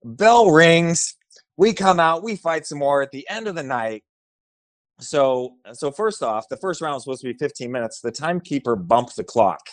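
A man's voice: a little high, moderate pace, no room sound. A man, a former fighter, telling a story in a casual chat and acting out the voices of the people in it. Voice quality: animated, acts out voices in his stories.

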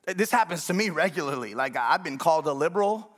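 A man's voice: on the high side, animated, fast, fairly bright tone. Conversational male pastor preaching a sermon. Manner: conversational, checks in with the congregation.

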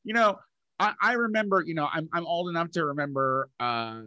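A man's voice: a little high, lively intonation, fairly quick, bright, forceful tone, no room sound, muffled recording. A man co-hosting a podcast in casual chat, rambling with lots of fillers and swearing. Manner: rambling, profane, many filler likes. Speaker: podcast co-host.

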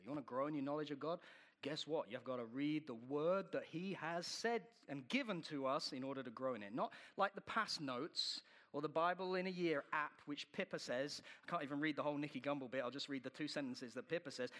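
A man preaching a sermon, telling stories in an animated way and acting out the scenes. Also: a little high, moderate pace, in a large hall.

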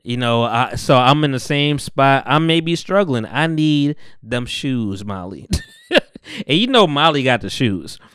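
A man's voice: medium pitch, lively intonation, a little slow, fairly bright tone, clean tone, no room sound, studio quality. A young man hosting a podcast, recapping a TV episode in casual, slangy chat and acting out the characters' lines. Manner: slangy, laid-back, acts out characters' lines. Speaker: podcast host.

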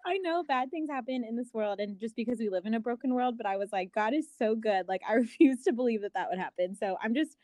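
A woman's voice: fairly high pitch, lively intonation, fast talker, few pauses, a little mellow, no echo. A woman in her thirties co-hosting a faith podcast, speaking with enthusiasm and a lot of "like". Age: 30s. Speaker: podcast co-host. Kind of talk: casual faith podcast chat.

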